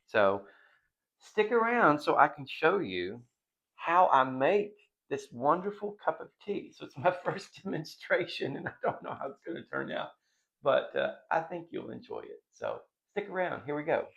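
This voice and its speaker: A man's voice: fairly high pitch, wildly swooping pitch, normal speed, creaky, fairly bright tone, dull audio. A middle-aged man hosting a casual home vlog from his dining room, chatty and rambling, often breaking into giggles. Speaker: vlog host.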